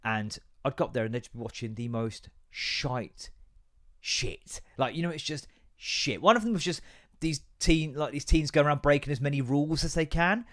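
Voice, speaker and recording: A man's voice: on the high side, normal speed, a bit bright. A man hosting a podcast, ranting in a casual, sweary way and acting out both sides of remembered conversations. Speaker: podcast host.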